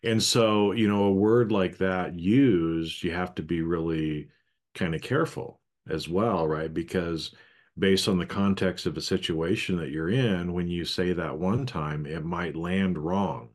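A man's voice: low-pitched, a little slow. A man co-hosting a casual podcast, thinking aloud in a reflective way with many "you know"s. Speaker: podcast co-host.

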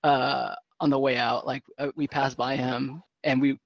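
A man co-hosting a casual chat, telling stories with animated voices for other people. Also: mid-range voice, unhurried, vocal fry, no echo, dull audio. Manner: animated storytelling, mimics people loudly. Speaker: podcast co-host.

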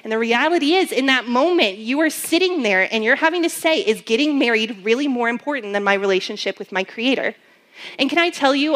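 A campus minister, a young woman with a mid-range and slightly bright voice, shares her personal testimony in a sermon. She tells her story earnestly, using many fillers.

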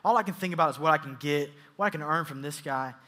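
Animated bright-voiced young preacher. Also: male voice, a little high, fast talker. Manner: animated, playful storytelling with swings into soft asides. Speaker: youth pastor. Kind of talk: storytelling sermon.

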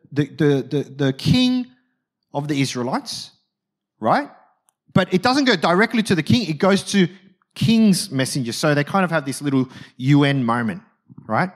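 Lively high-voiced male preacher. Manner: animated, conversational, often asks "right?". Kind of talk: sermon.

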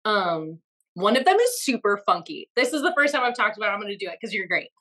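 A woman's voice: medium pitch, very animated, fast, pushed and bright, rough recording. A young woman chatting as a podcast guest, laughing often and getting flustered. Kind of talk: casual interview chat. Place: home studio.

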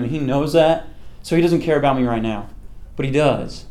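A man's voice: a little high, moderate pace, darkish tone. A man teaching a Bible study who reads scripture aloud and then explains it in a conversational way, often checking in with "okay?".

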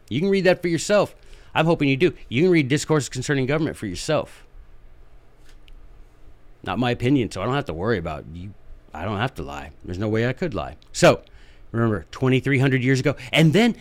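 A man giving impassioned, folksy political commentary as a podcast host, repeating his points for emphasis. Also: mid-range voice.

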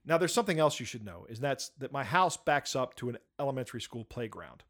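Lively man telling a story. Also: mid-range voice, fast talker. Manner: animated, acts out shouts and voices in his story. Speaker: storyteller on a talk show. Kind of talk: casual chat, telling a funny story.

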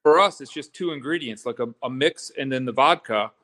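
Halting man explaining cocktails. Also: medium pitch, bright, forceful tone. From Florida. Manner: halting, repeats words, explains slowly. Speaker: distillery guest. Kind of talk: casual chat at a bar.

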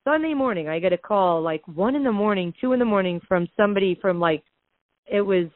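A woman, a podcast guest who invests in real estate, telling a story in a casual, animated way and acting out the dialogue. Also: medium pitch, brisk, no room sound. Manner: animated retelling that acts out quoted dialogue. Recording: dry, tinny phone-line sound.

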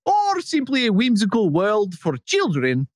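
A man's voice: high-pitched, huge pitch swings, a little slow, dry recording, studio quality, pitched above the performer's own voice, heavily acted. A man putting on a mock Estonian puppeteer. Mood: gushing. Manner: breaks into laughter while reading. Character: enthusiastic Estonian male puppeteer fan. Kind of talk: comic reading of a listener letter.

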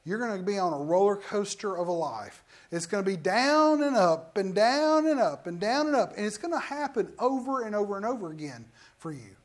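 A man's voice: sits high, lively intonation, brisk, hardly any pauses. A middle-aged male pastor giving a sermon, telling personal stories and acting out the lines of each person in them with emphasis. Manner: storytelling with acted-out quotes, emphatic.

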